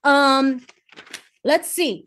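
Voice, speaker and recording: High-voiced woman, heated panel talk. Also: extremely slow, a bit bright. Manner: reads scripture aloud, grows heated and emphatic. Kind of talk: online panel discussion.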